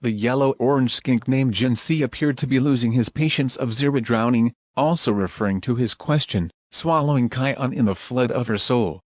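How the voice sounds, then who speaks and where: A man narrating scripted scene recaps in a plain, even manner. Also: mid-range voice, moderate pace, few pauses, dry recording.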